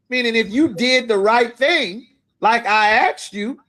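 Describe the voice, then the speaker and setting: A man teaching a scripture class, speaking emphatically and asking his listeners if they understand. He reads verses slowly, then explains them in everyday talk. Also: high voice, expressive, pushed and bright. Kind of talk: scripture lecture.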